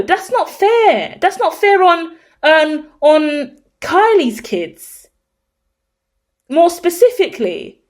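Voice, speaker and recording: A woman ranting in a casual vlog, emphatic and swearing, swinging between loud outrage and low muttered asides. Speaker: tarot reader reacting to celebrity news. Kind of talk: impassioned casual rant.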